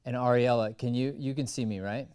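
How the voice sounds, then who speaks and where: A man's voice: medium pitch, steady tone, brisk, darkish tone, clean tone, no echo, clean studio sound. Rambling male acting coach on a video call. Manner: loose, rambling, casual and profane. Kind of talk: coaching an online scene study class. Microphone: webcam or phone on a video call.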